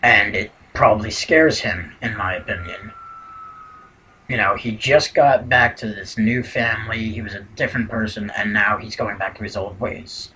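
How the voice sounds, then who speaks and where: A man's voice: on the low side, normal speed, bright, forceful tone, slight background noise, low-quality recording. A man giving a casual spoken recap of a TV episode, rambling and leaning heavily on "you know" fillers. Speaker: TV episode reviewer.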